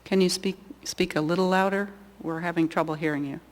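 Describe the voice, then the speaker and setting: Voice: mid-range voice, steady tone, a little fast, in a large hall. A board chair running a public hearing, speaking hesitantly with many restarts.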